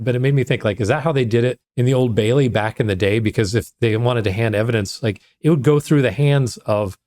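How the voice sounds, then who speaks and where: A man's voice: mid-range voice, darkish tone. Dry-humored man in casual film talk. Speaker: podcast co-host.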